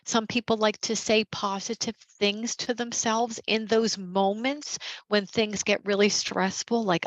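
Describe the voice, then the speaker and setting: A woman teaching a caregiver support workshop over a video call, gentle and encouraging, with casual fillers. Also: mid-range voice, fairly even intonation, measured pace, no room sound, rough recording.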